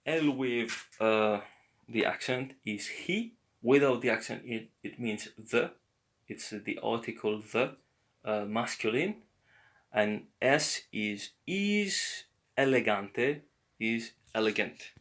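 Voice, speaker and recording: A man giving a slow, patient beginner language lesson, explaining words one by one. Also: mid-range voice, expressive, fairly bright tone. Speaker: language teacher.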